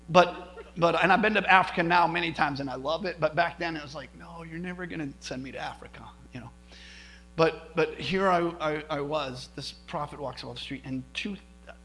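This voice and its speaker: A middle-aged male pastor telling a personal story in a sermon, animated, with many restarts. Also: sits high, poor audio. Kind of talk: sermon testimony.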